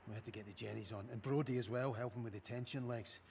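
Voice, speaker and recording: An actor with a Scottish accent playing a shaken, swearing oil rig worker who talks bluntly and urgently. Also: male voice, medium pitch, fairly even intonation, fast talker, vocal fry, background noise, lightly acted.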